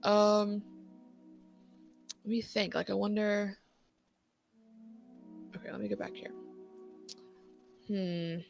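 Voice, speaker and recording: A woman player in a tabletop game, thinking aloud, hesitant and excitable. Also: medium pitch, slow, vocal fry, pauses often, faint music behind.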